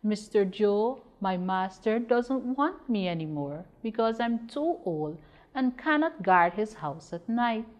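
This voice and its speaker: A woman's voice: medium pitch, animated, slow pace, a little mellow, muffled recording. A woman with a Guyanese accent voicing a sad old male dog in a plaintive storybook voice.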